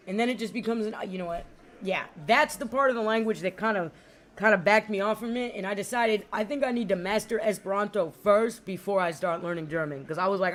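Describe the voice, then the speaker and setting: A woman's voice: medium pitch, normal speed. A woman streamer chatting casually and profanely with her viewers while gaming, rambling and laughing.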